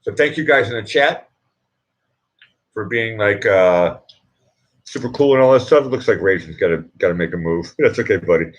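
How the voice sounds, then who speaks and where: Chatting with his viewers, this middle-aged livestream host keeps cutting himself off and laughing at his own jokes in a rambling, casual way. His voice is lowish with lively intonation, moving at a normal pace broken by long pauses, and the sound is lo-fi.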